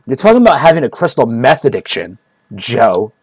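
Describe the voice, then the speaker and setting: A man's voice: medium pitch, sing-song, brisk, breathy edge, no echo. A man rambling through a mock-serious comedic monologue, repeating himself often, in a streaming style.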